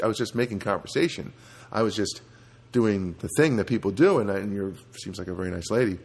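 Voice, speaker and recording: A man delivering a rambling comedic podcast monologue through a software voice filter, often breaking off and restarting his sentences. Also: a little fast, gravelly, husky. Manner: rambling, self-interrupting, lively swings in pitch. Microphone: home recording setup.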